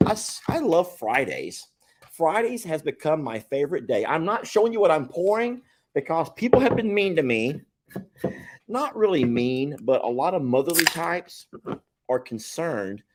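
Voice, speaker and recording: A man hosting a casual live chat, rambling and folksy, with occasional stammers. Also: mid-range voice. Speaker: livestream host.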